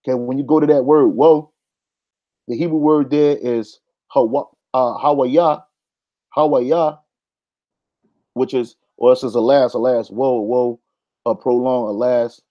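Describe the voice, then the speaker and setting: A man's voice: mid-range voice, steady tone, moderate pace, dull audio. A man giving an emphatic religious teaching, reading verses and often ending lines with "man". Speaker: Bible teacher. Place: Hawaii.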